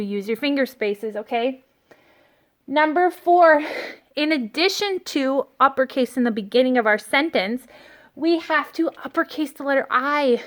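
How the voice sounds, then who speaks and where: A woman teaching kindergartners by video from an empty classroom, speaking gently, slowly and encouragingly into a phone set down in front of her. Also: high-pitched. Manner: gentle, slow and encouraging, talks to small children. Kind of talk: remote lesson to young children.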